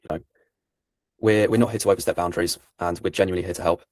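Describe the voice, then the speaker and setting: Deep-voiced, fast-talking young salesman. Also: dry recording. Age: 20s. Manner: calm, persistent, keeps turning answers into questions. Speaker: sales closer. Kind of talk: sales call conversation.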